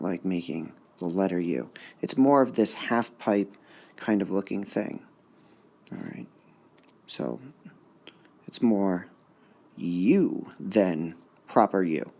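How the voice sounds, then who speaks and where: A man teaching a recorded high school lesson, sounding out words slowly and exaggerating the stress. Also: a little mellow.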